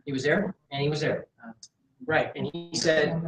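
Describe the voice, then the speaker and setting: A man's voice: a little high, steady tone, normal speed. Confident man coaching a roomful. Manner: confident, assertive, acts out dialogue. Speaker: sales trainer. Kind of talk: live training talk to a small group. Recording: echoey room recording.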